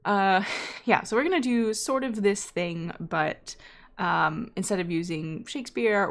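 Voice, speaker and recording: Her medium-pitched voice has a sing-song lilt and a slightly slow pace. As a data scientist live-coding on stream, she chats casually, thinking out loud with lots of fillers and side remarks, reading chat aloud now and then.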